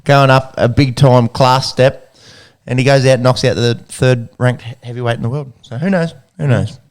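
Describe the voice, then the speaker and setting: An Australian man co-hosting a sports podcast, talking loosely and swearing as he jokes with his mates. His voice sits at an ordinary middle pitch. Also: steady tone, normal speed. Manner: banter, swearing, laughing. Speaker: podcast co-host. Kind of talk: casual chat.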